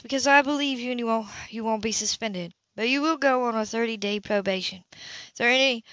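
A woman reading the part of a stern female school official in a measured, formal way. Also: on the high side, fairly bright tone, dry recording, muffled recording, natural voice. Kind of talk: audiobook reading.

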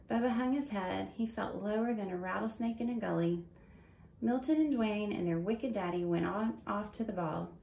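Gravelly woman reading a children's story. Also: mid-range voice, dark tone. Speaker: storybook reader. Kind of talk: children's read-aloud narration. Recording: echoey room with faint noise.

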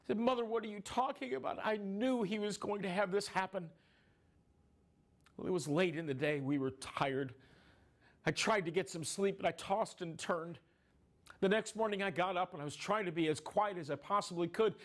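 Speaking as a grieving younger brother, this male dramatic storyteller recounts his brother's suffering in a first-person monologue. The voice is high for a man and moves at normal speed, earnest and emotional throughout, rising into cries of grief.

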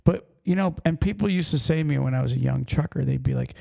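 A man's voice: medium pitch, quick pace, vocal fry. A man from Pennsylvania hosting a trucking podcast, telling road stories in casual chat and acting out accents. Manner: animated storytelling, acts out accents.

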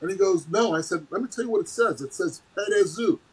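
A man's voice: quick pace, breathy edge, poor audio. A middle-aged man, a former ballplayer, telling stories casually and acting out quotes with big jumps in his voice. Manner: animated, acts out quotes with big pitch jumps and laughs. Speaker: guest, former baseball player. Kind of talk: casual storytelling.

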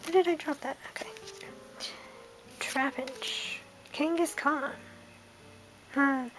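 High-voiced young woman unboxing trading cards. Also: slow, music in the background, poor audio. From United Kingdom. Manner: murmurs card names in a soft running list, with small excited reactions. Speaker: card-opening vlogger. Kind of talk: casual card-opening commentary.

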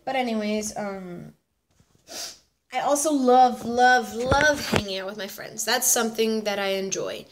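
A woman's voice: on the high side, measured pace, a little hiss or hum. Bubbly rambling nineteen-year-old woman. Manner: bubbly and rambling, with lots of restarts and "freaking". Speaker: vlogger. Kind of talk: casual vlog chat.

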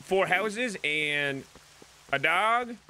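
A man putting on a loud, blustering voice as a grumpy old-timer ranting about the old days. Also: high voice, expressive, drawn-out words, slight background noise, voice pushed up, exaggerated voice. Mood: nostalgic.

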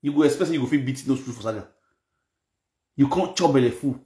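A man's voice: mid-range voice, a little fast, dark tone. A man speaking in a Nigerian Pidgin accent, giving mocking, scolding gossip commentary and repeating lines for emphasis. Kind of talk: ranting commentary. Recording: echoey room.

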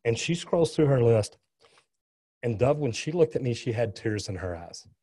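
Middle-aged guy telling his story, husky and kinda mellow, keeps restarting sentences. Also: mid-range voice, animated, moderate pace. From US West Coast. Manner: earnest, with repeated restarts. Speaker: plumber, guest. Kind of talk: storytelling interview talk.

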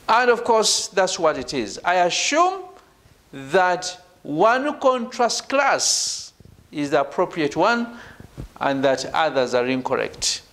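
A middle-aged male professor giving a university lecture, repeating his points emphatically and checking in with the class as he goes. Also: on the high side. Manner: repetitive and emphatic, punctuating points with "right?" and "ladies and gentlemen". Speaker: professor leading a doctoral seminar.

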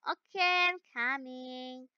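A young woman giving casual, excitable gameplay commentary, often laughing and shouting at the game. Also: high-pitched, slow pace, clear, resonant tone, no echo, dull audio. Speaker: gaming YouTuber.

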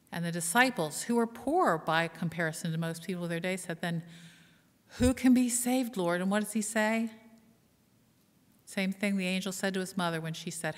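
A woman's voice: on the low side, a bit bright, long reverb tail. A woman pastor delivering a conversational sermon, asking the congregation questions and joking at her own expense. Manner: conversational, asks the congregation questions, self-deprecating humor. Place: church sanctuary.

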